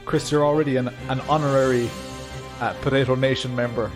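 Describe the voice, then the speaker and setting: A man's voice: medium pitch, steady tone, a little fast. An Irish man chatting casually with viewers during a racing game stream, rambling with lots of ums and asides. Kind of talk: casual live-stream chat. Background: faint background music.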